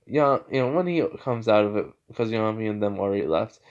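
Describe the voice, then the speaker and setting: A man's voice: fairly low pitch, fast, a little mellow, clean tone. A sleepy man improvising fan-fiction narration late at night, rambling with lots of fillers. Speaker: storyteller. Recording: slightly muffled lo-fi audio.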